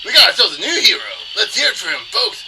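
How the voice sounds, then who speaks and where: A man voicing a loud male fight announcer who hypes up the crowd in a booming, showy way. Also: huge pitch swings, quick pace, full character voice, poor audio. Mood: excited. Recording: loud video game music behind.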